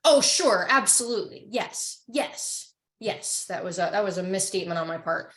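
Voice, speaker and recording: A woman's voice: mid-range voice, animated, normal speed, fairly bright tone. A woman joins an online conversation as a guest, her voice sitting in a middle range. She talks in an earnest, agreeable way, readily backing up what she hears. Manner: earnest and affirming. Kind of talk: casual webinar conversation.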